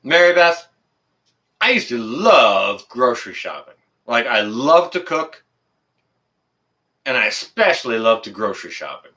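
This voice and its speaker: Male stream host, heated and indignant, bright forceful voice, swears then apologizes. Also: medium pitch, very animated, a little slow, pauses often. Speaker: livestream host. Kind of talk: heated livestream rant.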